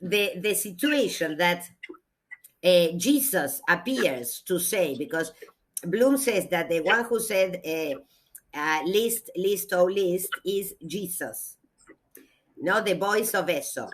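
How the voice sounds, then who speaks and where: A woman, a literature teacher giving a classroom lecture, reading aloud slowly and explaining with hesitations. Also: fairly low pitch, expressive.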